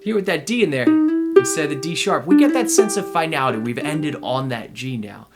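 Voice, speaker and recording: A man gives a ukulele lesson in a slightly high voice with lively intonation, talking fairly quickly over loud music, with ukulele playing in the background. He explains notes and accents, counts in the beat for a play-along, and sings the sounds of the notes between explanations.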